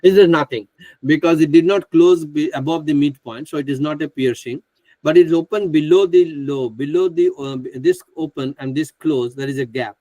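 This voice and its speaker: A man's voice: fairly high pitch, moderate pace, dark tone, dry recording, low-quality recording. A man teaching a live online trading class, speaking with many fillers and restarts into a computer microphone on a video call. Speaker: trading instructor.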